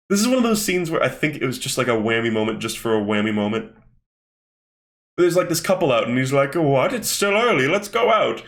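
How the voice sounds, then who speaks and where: A man's voice: medium pitch, fairly bright tone. A young man hosting a casual commentary while skimming a manga, swearing often and rambling with lots of fillers. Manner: profane, rambling, with many fillers. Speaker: host.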